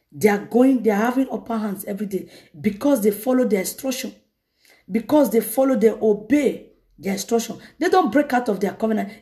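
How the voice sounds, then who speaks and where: A woman evangelist, preaching in an animated way and breaking into laughter often. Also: a little high. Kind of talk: sermon.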